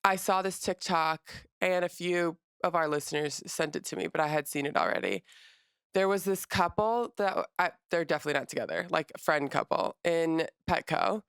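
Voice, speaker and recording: A young adult woman co-hosting a casual podcast, retelling stories quickly with lots of quoted reactions. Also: low-pitched, fairly bright tone, clear, resonant tone, no echo, clean studio sound. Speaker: podcast co-host. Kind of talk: casual chat.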